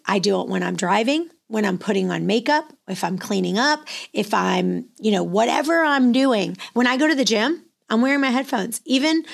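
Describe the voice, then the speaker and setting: A middle-aged woman giving a motivational talk, energetic and full of anecdotes told with acted-out quotes. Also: medium pitch, vocal fry. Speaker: real estate business owner.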